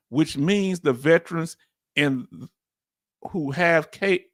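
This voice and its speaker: A man with a Southern Louisiana accent giving an animated, preachy commentary as host, full of rhetorical questions and chuckles. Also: fairly high pitch, no echo, studio quality. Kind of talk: casual commentary monologue.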